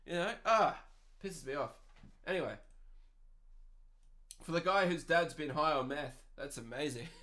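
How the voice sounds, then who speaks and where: A man's voice: fairly high pitch, measured pace, long pauses, sharp tone. Profane Australian man in his twenties ranting. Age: 20s. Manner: profane, exasperated, sarcastic. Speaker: podcast host. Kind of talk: ranting podcast monologue.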